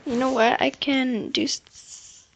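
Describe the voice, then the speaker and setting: A woman's voice: high voice, expressive, slow, vocal fry, a little mellow. A woman giving casual, rambling commentary while playing a life-simulation game, talking to herself and to her viewers. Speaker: gameplay video host.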